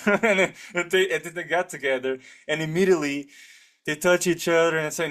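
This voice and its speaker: Animated, sarcastic man reviewing a film. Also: fairly high pitch, a little fast. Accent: Portuguese. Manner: animated, sarcastic, acts out lines from scenes. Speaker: film podcast co-host. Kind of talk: casual film review chat.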